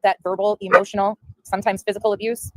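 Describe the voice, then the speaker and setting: A woman's voice: medium pitch, level tone, a little mellow, poor audio. A woman streamer ranting bluntly on a livestream, swearing heavily. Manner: fast, blunt, heavy swearing. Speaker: streamer in the reviewed clip. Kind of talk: livestream rant.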